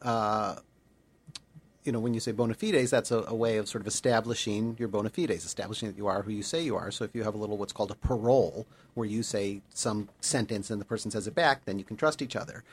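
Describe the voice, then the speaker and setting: A man's voice: lowish voice, steady tone, fast, breathy edge. A man co-hosting a casual conversation, talking in a reflective way and thinking aloud as he goes. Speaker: podcast co-host, former spy.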